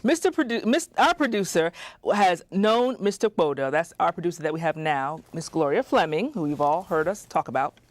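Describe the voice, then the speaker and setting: Woman, TV host, lower voice, lively swings in pitch, dry studio sound, excited asides. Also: normal speed, no room sound. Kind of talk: reading a scripted introduction on a community TV show.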